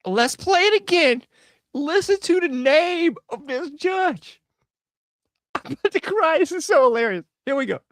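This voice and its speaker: Animated man with lively swooping voice. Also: very high-pitched, measured pace, no room sound, studio quality. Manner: animated, laughing, mocking, slangy. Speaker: online show host. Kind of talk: casual commentary on news clips.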